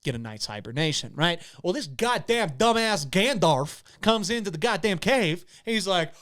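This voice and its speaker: Man, podcast co-host, rambling comic storyteller, animated, dry studio sound. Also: high-pitched, moderate pace, clean tone, no room sound. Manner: rambling animated storytelling, swings loud and soft. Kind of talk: comedic podcast banter.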